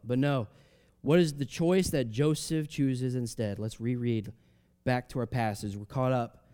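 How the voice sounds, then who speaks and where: A man preaching a sermon, reading scripture aloud and explaining it in a conversational way, swinging between loud emphatic rises and soft drops. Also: medium pitch. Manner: reads scripture aloud, then explains it casually with fillers.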